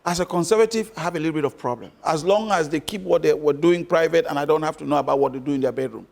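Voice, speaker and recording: A man's voice: fairly high pitch, quick pace, creaky, darkish tone. A man giving interview answers about politics, emphatic, repeating his points for stress. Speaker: interview guest, former candidate.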